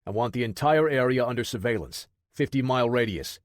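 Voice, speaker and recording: A weary male agency director, read by a narrator in his own voice, giving terse orders to his technicians in a flat, businesslike tone. The read is dry and close. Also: mid-range voice, brisk, no echo, lightly acted.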